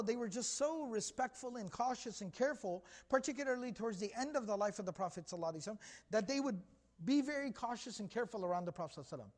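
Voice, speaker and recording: A man teaching a religious lecture, telling stories with lively acted dialogue and reciting Arabic quotations. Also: very high-pitched, in a large hall. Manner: animated storytelling, acting out dialogue, mixing Arabic quotations. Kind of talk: lecture on prophetic traditions.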